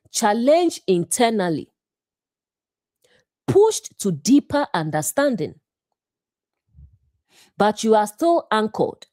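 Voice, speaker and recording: A woman giving a scripted devotional Bible teaching, speaking in short, deliberate phrases with a measured delivery. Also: mid-range voice, warm tone, no echo, studio quality.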